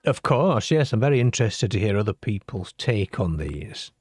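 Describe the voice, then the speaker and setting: Late-night radio host, male, middle-aged: low-pitched, unhurried delivery, measured with fillers. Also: very animated, a little mellow, breathy edge, no echo, studio quality. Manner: slow, measured, with many fillers. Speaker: host of a call-in show.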